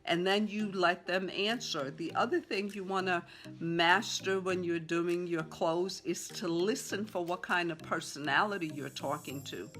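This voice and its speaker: A woman teaching a sales training session to a group, talking fast with lots of fillers and acting out conversations with sellers. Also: fairly low pitch, fairly bright tone. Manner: talks fast, role-plays seller dialogue, many fillers. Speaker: real estate sales trainer. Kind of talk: live training talk to a room.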